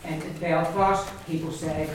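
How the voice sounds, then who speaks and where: A man's voice: fairly high pitch, fairly even intonation, a little slow. A man with an Ulster accent teaching a language class, carefully modelling sounds and drilling words aloud for his students. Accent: Ulster Irish English. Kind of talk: classroom pronunciation lesson. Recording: echoey room, mic far off, faint noise.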